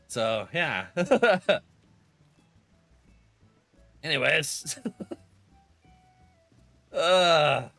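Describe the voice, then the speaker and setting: Game streamer, man in his thirties, stuffy with a cold, bright tone, swoops up and down, laughs a lot. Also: on the high side, wildly swooping pitch, extremely slow, pauses often, dry recording, soft background music. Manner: rambling storyteller, laughs often. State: has a cold. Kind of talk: casual gaming stream chat.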